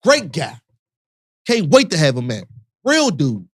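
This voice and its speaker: High, lively-voiced radio host. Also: male voice, unhurried, husky, dry recording, clean studio sound. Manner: animated, preachy, conversational with slang. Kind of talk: casual radio talk.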